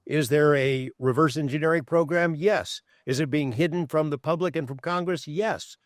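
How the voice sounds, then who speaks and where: A man co-hosting a podcast, discussing in a measured way with emphatic rhetorical questions. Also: on the high side, no room sound, clean studio sound. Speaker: podcast co-host. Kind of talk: analytical discussion.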